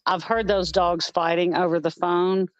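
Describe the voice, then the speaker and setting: A woman with a Southern US accent co-hosting a casual livestream chat, brisk and matter-of-fact. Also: fairly low pitch, level tone, no room sound, muffled recording. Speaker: co-host.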